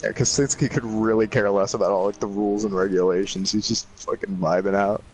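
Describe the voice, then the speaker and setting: A young man hosting a gaming stream, chatting casually with friends in a relaxed, laughing way and swearing often. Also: on the low side, fairly quick, a little hiss or hum, low-quality recording. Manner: laid-back, swears often, laughs mid-sentence. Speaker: let's play host. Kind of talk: casual chat among friends while gaming.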